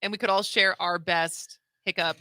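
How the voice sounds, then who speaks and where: A woman co-hosting a live radio talk show, trading quick, laughing asides with her colleagues. Her voice is bright and forward. The sound is dry and close, like a treated studio. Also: on the low side, fairly even intonation, no room sound. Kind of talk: casual studio banter.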